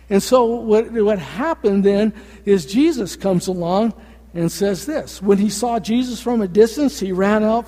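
A pastor preaching a conversational sermon, reading scripture and retelling the story with lots of fillers and animated asides. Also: male voice, sits high, big-room sound.

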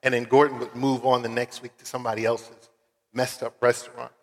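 A Philadelphia man preaches as a guest in a church sanctuary, his mid-range voice flat in delivery and a little fast. Earnest and conversational, he tells stories with casual fillers, and the room adds a long reverb.

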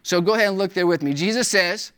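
A pastor preaching a sermon emphatically, repeating key phrases and filling pauses with "uh", with big swings in pitch and loudness for emphasis. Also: smooth.

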